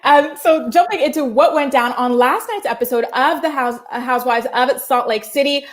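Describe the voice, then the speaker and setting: Upbeat high-voiced woman hosting a chat. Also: normal speed. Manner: chatty, upbeat, uses like and um. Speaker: host. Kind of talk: casual chat.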